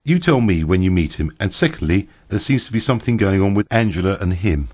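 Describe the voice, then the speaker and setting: Guy reading a careful thoughtful dude, low pitched, measured. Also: animated, a little mellow, dry recording, studio quality. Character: wary, thoughtful man investigating a coworker.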